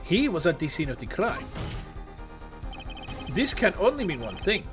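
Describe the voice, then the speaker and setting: A man's voice: high voice, big pitch swings, unhurried, over music. A man voicing a smug, confident young male prosecutor with a theatrical delivery.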